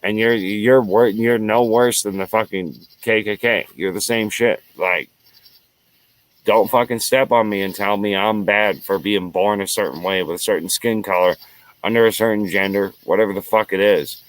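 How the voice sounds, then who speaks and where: A man's voice: fairly low pitch, fairly even intonation, moderate pace. A man hosting his own show, delivering an angry, profane solo rant full of repeated lines. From United States. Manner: profane, heated, repetitive. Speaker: show host.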